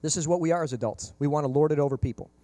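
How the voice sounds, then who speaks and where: Animated quick-talking male pastor. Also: a little high, no echo. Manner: animated, conversational, acts out quoted voices; humorous asides. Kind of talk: sermon.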